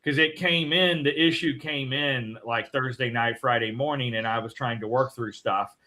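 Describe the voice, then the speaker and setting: A man with a bright, forceful voice chats casually as co-host of a morning show. He tells his stories in long, rambling runs. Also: medium pitch, normal speed, rough recording. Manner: rambling storyteller.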